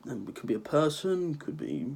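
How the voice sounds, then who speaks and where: A man's voice: a little high, wildly swooping pitch, moderate pace, gravelly, darkish tone, husky. A teenage lad with a cold, sniffling through a rambling, sarcastic rant to his viewers. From Ireland. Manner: sarcastic, rambling, swears freely. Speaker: vlogger. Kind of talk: casual ranting vlog.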